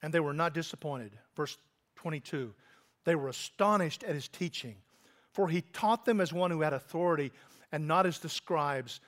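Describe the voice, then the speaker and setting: A middle-aged pastor with a notably high voice delivers a relaxed, conversational sermon. He keeps turning to the congregation with direct questions.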